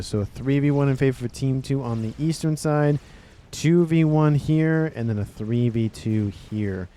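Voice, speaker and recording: A man calls a strategy game match with a mellow, warm tone and steady, measured play-by-play. He drops the odd wry aside as he goes, over a faint hiss behind him. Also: mid-range voice. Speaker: game caster.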